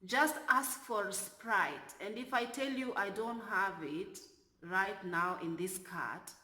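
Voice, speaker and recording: A woman, a flight attendant, telling a story from work in an animated way that turns loud when she is exasperated. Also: mid-range voice, slow pace, echoey room. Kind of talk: storytelling vlog.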